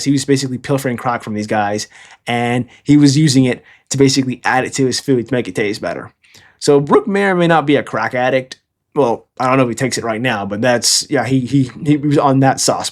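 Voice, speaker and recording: A man's voice: medium pitch, brisk. A man casually retelling a comic chapter in a loose, rambling way, often tagging his lines with "all right?". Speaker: manga reviewer.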